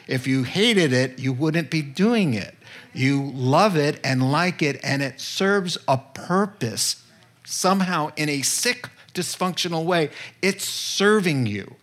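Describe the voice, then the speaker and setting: Conversational pastor preaching. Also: male voice, medium pitch, a bit bright. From northeastern United States. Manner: conversational, candid, checks in with listeners often. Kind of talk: sermon.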